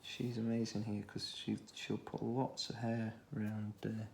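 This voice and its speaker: A man with a Stoke-on-Trent accent, talking through a children's drawing tutorial in a relaxed way, thinking aloud as he draws. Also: lowish voice, a little slow, gravelly, slight background noise. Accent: Stoke-on-Trent English. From England. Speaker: art tutor.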